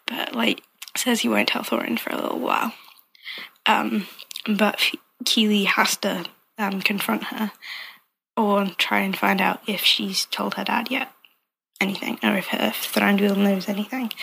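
A woman casually retelling a story in a soft, often half-whispered, rambling way. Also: mid-range voice, level tone, unhurried, creaky, a little hiss or hum, low-quality recording.

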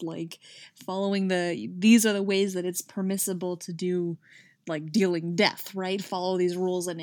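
A woman reads a story aloud and then chats about it with loose fillers. Her voice sits at a middling pitch. The recording is dry and close, with no room sound. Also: dry recording. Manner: chatty with many fillers in her notes. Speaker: story reader. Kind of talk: reading a story aloud, then casual comments.

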